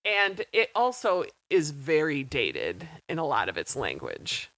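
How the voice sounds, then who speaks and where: A woman in her late thirties, co-hosting a podcast in casual chat, talking in a chatty, animated way and acting out quotes. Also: sits low, a little slow, dry recording. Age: 30s. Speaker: podcast co-host. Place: small studio.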